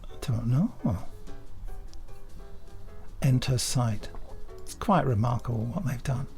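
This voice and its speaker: An English man chatting on a podcast with a gravelly, creaky edge to his voice. He gushes enthusiastically and laughs often. Faint music plays underneath. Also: mid-range voice, expressive, normal speed, darkish tone. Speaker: podcast co-host. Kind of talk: casual chat.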